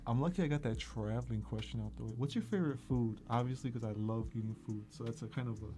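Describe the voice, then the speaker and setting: A young man on a college radio date show, talking casually and quickly in an easygoing way. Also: mid-range voice. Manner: easygoing, talks fast. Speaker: dating show guest. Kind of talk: casual chat.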